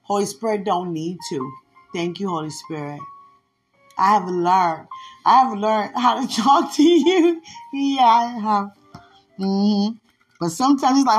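Woman host, slow and husky, lively swooping delivery, faint music underneath. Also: medium pitch. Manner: playful, laughing, drawn-out exclamations. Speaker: podcast host. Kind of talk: affectionate casual monologue with prayer.

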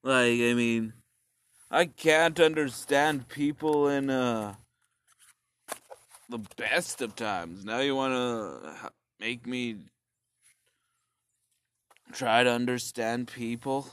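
A man's voice: medium pitch, slow, pauses often, fairly bright tone, clean tone. A man, ranting casually in a rambling, profane way full of fillers and restarts. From Canada. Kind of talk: casual rant.

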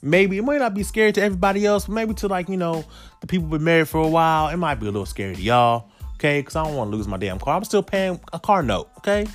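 A man in his thirties telling a casual story straight to his viewers, animated, stacking rhetorical questions and cursing casually. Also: a little high, fast, faint music behind.

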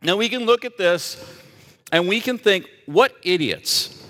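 A man's voice: high voice, normal speed, fairly bright tone, in a large hall. A man preaching a sermon as a pastor, emphatic and asking the audience rhetorical questions.

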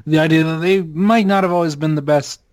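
A man's voice: a little high, fairly even intonation, a little fast, a little mellow, no room sound. A man co-hosting a podcast in casual chat, making dry, wry remarks. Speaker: podcast co-host.

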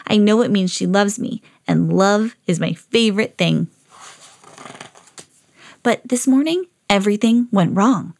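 A woman's voice: medium pitch, a little slow, creaky, pauses often. A woman reading as Plum, an eager pet dog. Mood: earnest. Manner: earnest storybook reading, rising excitedly. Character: eager, lovable female pet dog telling her story. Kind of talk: children's storybook reading.

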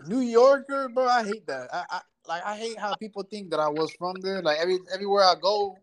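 A man from Florida talks casually as a guest, with a slightly high voice. He uses loose slang and swears freely, and a faint hiss sits under the track. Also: brisk, poor audio. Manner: relaxed, slangy, swears a lot. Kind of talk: casual chat.

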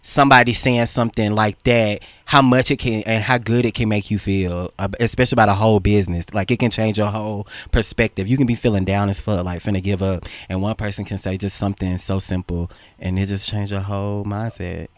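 A man's voice: lowish voice, fairly even intonation, a little fast, hardly any pauses, dry recording. A young man hosting a casual podcast, talking bluntly and animatedly and swearing freely. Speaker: podcast host. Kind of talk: casual chat.

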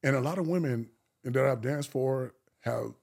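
A man telling stories as a podcast guest in a casual, animated and slangy way. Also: medium pitch, moderate pace, creaky. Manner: animated, slangy, laughing storyteller. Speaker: guest, male stripper. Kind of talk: casual storytelling.

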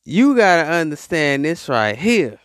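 Casual podcast host, a man with a high, lively voice, dry close sound. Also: measured pace, dry recording. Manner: rambling, animated, acts out quoted voices. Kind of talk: casual motivational monologue.

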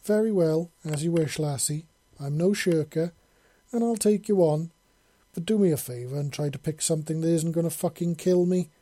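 A man voicing a gruff, stern old fisherman in a science-fiction audiobook, boastful and fond of calling people lassie. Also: on the high side, normal speed, dark tone.

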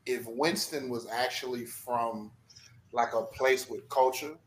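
A man's voice: medium pitch, unhurried, slight background noise, poor audio. A man who is a guest on a casual podcast, teasing playfully and often laughing while he talks. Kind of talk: casual chat.

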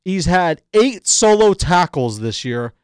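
A man's voice: high-pitched, sing-song, slow pace, smooth, no room sound. Argumentative man, dry close sound. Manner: argumentative, teasing, repeats lines for emphasis. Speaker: podcast co-host. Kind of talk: casual sports debate.

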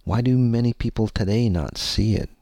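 A man's voice: fairly low pitch, normal speed, dark tone, no room sound, clean studio sound. A man telling a candid personal story to his audience, rambling and earnest, with many fillers and some casual swearing.

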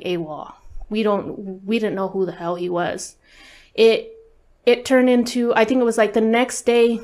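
A woman speaking as an interview guest, telling a personal story in a casual, candid way, swearing often and leaning on fillers. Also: mid-range voice. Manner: candid, profane, lots of fillers.

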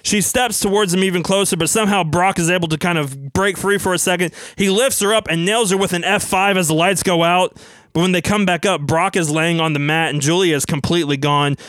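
A man casually narrating a wrestling storyline as brisk play-by-play. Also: high voice, fairly bright tone, dry recording.

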